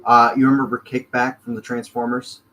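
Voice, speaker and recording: Rambling American man, bright voice. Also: mid-range voice, level tone, brisk, low-quality recording. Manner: rambling, easygoing, many fillers. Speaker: podcast co-host. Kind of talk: casual chat. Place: home room with 3D printers.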